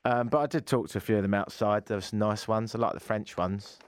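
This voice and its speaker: A man's voice: fairly low pitch, fast talker, clean tone, no room sound. A man hosting a talk radio show, chatting casually with a dry, self-mocking wit from a studio. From England. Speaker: radio host. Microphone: studio mic.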